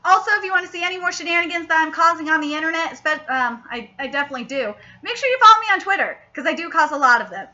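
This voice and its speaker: Young woman, excitable reviewer, very high voice, swears a lot, muffled lo-fi sound. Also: racing, few pauses. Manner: excitable, swears freely, frustrated ranting. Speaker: anime reviewer, channel host. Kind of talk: casual spoken review.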